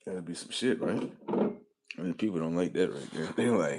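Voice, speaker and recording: On a casual livestream, a man with a husky voice rambles at normal speed, animated yet full of long pauses. He's slangy and profane, laughs a lot, and shifts between loud outbursts and quiet mumbling.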